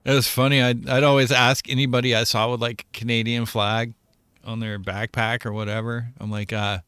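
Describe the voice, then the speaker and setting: A man's voice: mid-range voice, level tone, brisk, a bit bright, smooth, no room sound. A man chatting casually while playing a game, joking and rambling. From United States. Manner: joking, rambling, frequent laughs. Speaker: gamer co-host. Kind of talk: casual chat while gaming.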